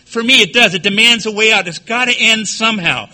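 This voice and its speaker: A man giving a recovery-meeting talk, telling his own story candidly with dark humor. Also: high voice, fairly quick. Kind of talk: personal testimony speech.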